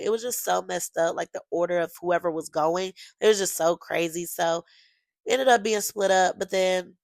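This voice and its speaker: Gushing young woman with a gravelly edge. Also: fairly low pitch, dry recording. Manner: animated, gushing, talks straight to listeners. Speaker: podcast host. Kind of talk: casual storytelling monologue.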